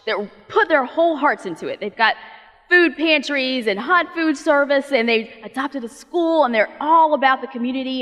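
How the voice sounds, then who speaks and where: A woman's voice: high voice, a bit bright. A woman pastor giving a sermon in a conversational, storytelling way, with playful, casual asides. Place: church. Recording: long reverb of a church sanctuary.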